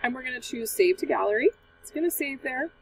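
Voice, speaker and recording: A woman's voice: high-pitched, animated, fast talker, gravelly, recorded from a distance, slight background noise, low-quality recording. A woman teacher walking young students through a drawing app step by step, in a patient and encouraging way. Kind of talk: screen-recorded tutorial for children.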